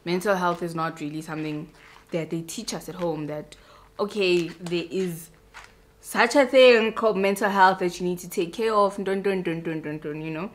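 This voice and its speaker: A woman's voice: fairly low pitch, moderate pace, slight background noise. A young woman, a beauty vlogger chatting casually and self-mockingly while doing her makeup.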